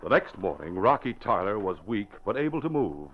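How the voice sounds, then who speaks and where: A man's voice: lowish voice, sing-song. Dramatic male radio-drama narrator. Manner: measured, dramatic storytelling. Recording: lo-fi old radio recording with faint hiss.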